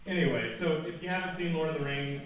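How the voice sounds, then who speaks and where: A man's voice: a little high, fast talker. A man giving an informal chapel talk at a school, conversational and joking, with plenty of asides. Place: large school auditorium. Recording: echoey hall, distant mic, faint noise.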